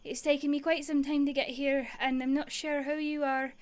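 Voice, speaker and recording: A woman's voice: medium pitch, unhurried, darkish tone, lightly acted. A woman voicing a kind, nervous young woman driving a cart, hesitant and full of fillers. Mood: earnest.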